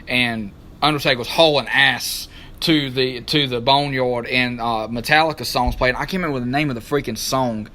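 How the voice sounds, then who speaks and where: A man, co-hosting a wrestling talk show, who recaps matches in an excited, rambling casual way and stops to search for names. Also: mid-range voice, moderate pace.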